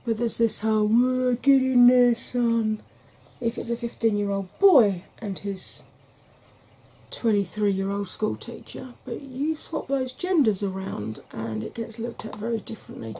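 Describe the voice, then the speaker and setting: A Welsh woman chatting frankly in a soft-spoken ASMR vlog, rambling with fillers. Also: fairly high pitch, a little slow, gravelly, breathy edge. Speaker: ASMR vlogger.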